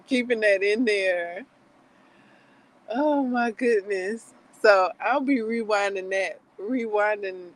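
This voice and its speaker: A woman chatting on her livestream at an unhurried, drawn-out pace. She giggles often and rambles through many fillers and restarts, with a mid-range voice. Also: medium pitch, no room sound, poor audio. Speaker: livestream host. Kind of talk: casual chat.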